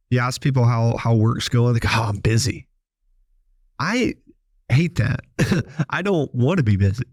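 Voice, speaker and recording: Male business podcast host, mid-pitch, chatty storyteller monologue, dry close mic. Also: no room sound. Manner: storytelling, animated quoted voices. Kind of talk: casual monologue.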